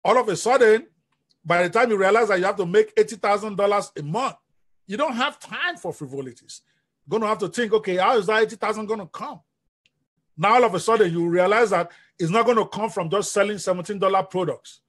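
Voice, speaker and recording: Energetic coach, male, high husky voice, live-stream delivery. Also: a little fast. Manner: energetic, preacher-like, asks the audience questions. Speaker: business coach.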